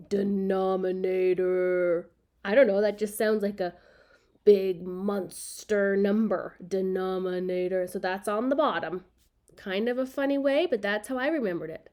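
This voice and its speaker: A woman's voice: medium pitch, darkish tone. A woman teaching a children's math lesson, speaking patiently and repeating key words so students can write them down.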